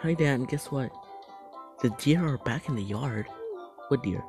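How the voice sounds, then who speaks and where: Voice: mid-range voice, lively intonation, a little slow, music in the background. A creator who reads funny texts aloud, laughing often and apologizing for it. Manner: laughs often while reading. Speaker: video creator.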